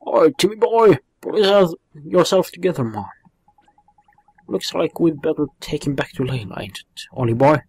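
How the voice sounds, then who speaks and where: A man voicing a rough, bossy middle-aged man who talks in blunt slang. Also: on the high side, lively intonation, moderate pace, a little mellow, no echo. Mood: gruff.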